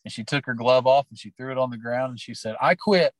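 A middle-aged man from Oklahoma who teaches and coaches, recalling his experiences in an earnest, heartfelt, meandering way. His voice sits at an ordinary pitch and is recorded close and dry. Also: flat delivery, fast talker, dry recording, rough recording. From Oklahoma, USA. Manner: earnest, heartfelt, rambling storyteller. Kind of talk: personal storytelling in an interview.

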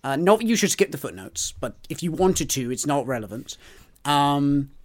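A man talking casually on a book podcast, opinionated and eager. His voice sits a little higher than most men's. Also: sing-song, moderate pace. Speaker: podcast co-host. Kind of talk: casual chat about a book.

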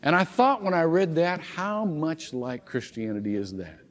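A man's voice: on the high side, normal speed. Guy preaching in a church, voice jumps all over, lots of "and, and", big echoey hall. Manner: animated storytelling with repeated restarts. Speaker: pastor. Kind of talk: sermon. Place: church sanctuary. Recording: long church hall reverb.

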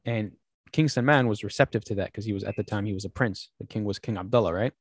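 A man with a lowish, husky voice talks at a quick pace, recorded with no room sound. He hosts a casual podcast as an animated storyteller, acting out quoted speech and piling on fillers and restarts.

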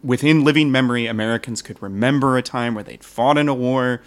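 A man hosting a casual history podcast, with a middle-pitched voice of everyday range. He explains at length and breaks into easy laughter. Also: fairly quick.

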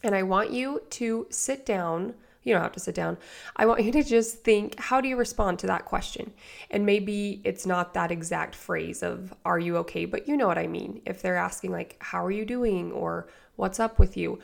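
Hoarse, gravelly woman podcast host. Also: medium pitch, normal speed. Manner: chatty, speaks straight to listeners. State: hoarse from a cold. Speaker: podcast host and life coach. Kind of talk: casual solo podcast talk.

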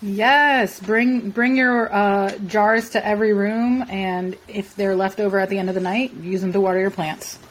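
A woman's voice: medium pitch, steady tone, moderate pace, hardly any pauses, slight background noise. Playful laughing woman podcast co-host. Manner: playful and self-mocking, laughs often. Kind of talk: casual podcast chat.

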